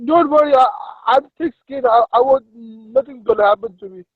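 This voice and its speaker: A man on a video call speaking halting, non-fluent English, apologetic and hesitant with many restarts, heard through dull call audio. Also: very high-pitched, husky, no room sound. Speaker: chat participant.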